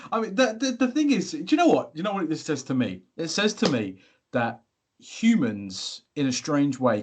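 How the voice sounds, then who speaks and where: A man's voice: a little high, breathy edge. A man hosting a podcast in casual chat, musing aloud, repeating himself and putting questions to his co-host.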